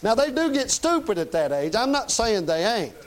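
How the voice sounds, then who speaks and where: High-voiced preacher man. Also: very animated, normal speed. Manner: folksy, plain-spoken and emphatic. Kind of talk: conversational sermon.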